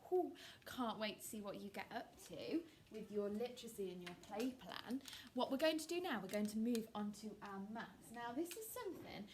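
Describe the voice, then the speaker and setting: A woman, an early years teacher, reading a fairy tale aloud and teaching young children in an animated, expressive, encouraging way. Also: fairly high pitch, normal speed, slight background noise.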